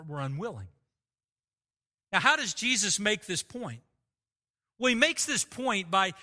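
A male pastor delivering an earnest, emphatic sermon, with pauses and small restarts. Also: high-pitched, bright, forceful tone.

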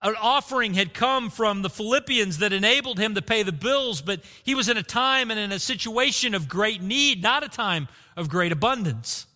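A man's voice: sits high, expressive, moderate pace, few pauses, bright, forceful tone. A man preaching a sermon as pastor, asking rhetorical questions and repeating key phrases, recorded in a church sanctuary with long reverb.

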